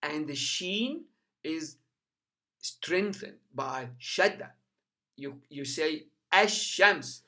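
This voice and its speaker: A man's voice: on the high side, lively intonation, extremely slow, pushed and bright. A man teaching a language lesson who patiently models each sound several times. His first language is Arabic.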